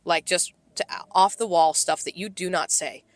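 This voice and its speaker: A woman's voice: fairly low pitch, normal speed, no room sound. A young woman co-hosting a podcast, telling a work story in casual chat full of fillers and acted-out quotes. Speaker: podcast co-host, restaurant server.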